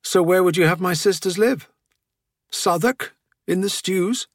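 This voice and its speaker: A man lifting his voice into a wry older woman, once a nun, calm but sharp-tongued. She sounds higher than a man's usual speech, with a dry and even delivery. It is a close, dry studio sound, as in an audiobook. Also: a little slow, no room sound. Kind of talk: audiobook character reading.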